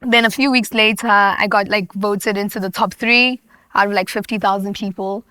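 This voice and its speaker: A woman's voice: mid-range voice, steady tone, moderate pace, pushed and bright, smooth, no echo. A young South African woman with a South African accent, telling her story animatedly as a guest on a studio podcast, often laughing. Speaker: guest, hip-hop artist. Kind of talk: conversational interview.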